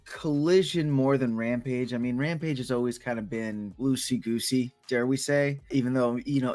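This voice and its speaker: A man's voice: medium pitch, dry recording. A young adult man co-hosting a wrestling podcast, talking in a rambling way with many restarts. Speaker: podcast co-host. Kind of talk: late-night podcast chat.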